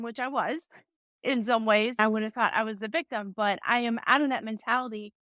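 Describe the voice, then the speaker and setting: A middle-aged woman, a self-help coach, giving calm advice and telling a personal story with small restarts. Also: on the high side, clean tone, no echo.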